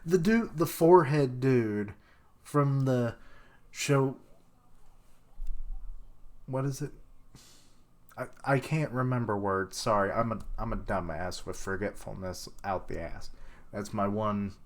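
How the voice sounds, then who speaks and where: A young man streaming a live reaction to a comic chapter, excitable and casual, laughing and swearing and fumbling for names as he reads. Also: mid-range voice, takes it slowly, long pauses. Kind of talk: live reaction while reading aloud.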